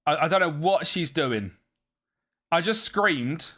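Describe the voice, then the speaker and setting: A man with a higher-pitched voice speaks slowly while streaming a football management game. He commentates live, chats with his viewers, and gets excitable enough to yell at the match.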